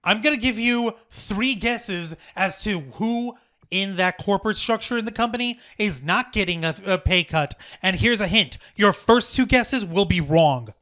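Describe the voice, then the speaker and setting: High-pitched bright-voiced podcast guy. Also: measured pace. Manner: animated, sarcastic, swears freely. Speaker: podcast co-host. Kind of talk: casual chat.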